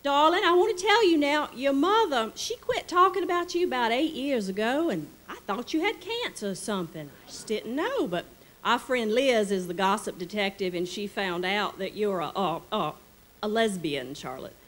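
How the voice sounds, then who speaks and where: A woman's voice: on the high side, lively intonation, moderate pace, fairly bright tone, voice pushed up, rough recording. A woman doing a gushing old Southern belle. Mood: gossipy. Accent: Mississippi Delta Southern. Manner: gushing, drawling, fond of "darling".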